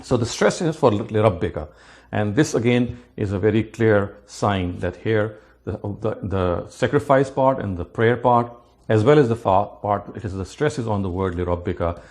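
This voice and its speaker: Man methodically explaining scripture, low-pitched. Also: expressive, darkish tone. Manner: methodical, often restarts phrases, recites verses rapidly. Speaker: religious teacher.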